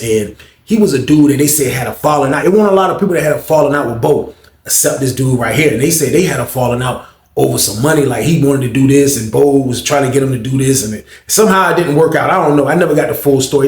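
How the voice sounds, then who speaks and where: Fast-talking male storyteller, echoey room. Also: medium pitch, a little hiss or hum. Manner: slangy, profane, conversational. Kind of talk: storytelling monologue.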